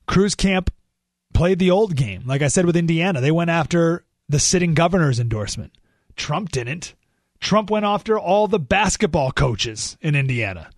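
Man, radio show host, higher voice, animated, exclamatory, dry studio mic. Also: normal speed, no echo. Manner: animated, exclamatory, thinking aloud with restarts. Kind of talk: political talk radio monologue. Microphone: studio microphone.

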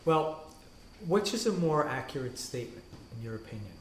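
A rabbi, a man, talking on a panel in an animated way and acting out the quotes he tells. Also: mid-range voice, normal speed, slight background noise. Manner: animated storytelling, acts out quotes. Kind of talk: panel discussion talk. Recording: roomy echo.

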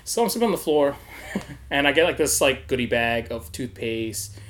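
A young man telling a story in a loose, casual chat. He is animated and profane, laughs often and acts out the people he quotes. His voice sits in an ordinary middle range. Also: mid-range voice, normal speed, a little hiss or hum.

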